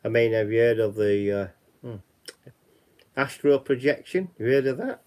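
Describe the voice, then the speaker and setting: A man's voice: mid-range voice, moderate pace, a little mellow. A man with a Yorkshire accent chatting casually as a livestream host, rambling and repeating himself. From West Yorkshire, England.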